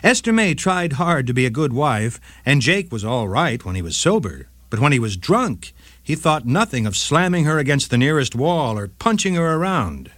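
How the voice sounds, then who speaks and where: A man's voice: mid-range voice, moderate pace, no room sound. A man hosting a short legal radio segment, reading a scripted case story with dramatic flair. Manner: dramatic, lively storytelling read.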